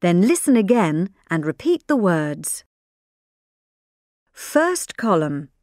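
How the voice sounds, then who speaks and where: A woman clearly announcing tracks and exercises for a textbook audio course. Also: on the low side, very animated, takes it slowly, a little mellow, dry recording, clean studio sound. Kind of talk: reading track and exercise cues.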